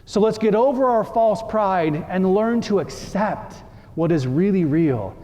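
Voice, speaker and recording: A male priest delivers a relaxed, conversational sermon in a church, his voice sitting high yet mellow in tone. He slips into playful little acted-out exchanges to make his point. The long reverb of the big hall trails behind every phrase. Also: unhurried. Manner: conversational, acting out little dialogues for the congregation.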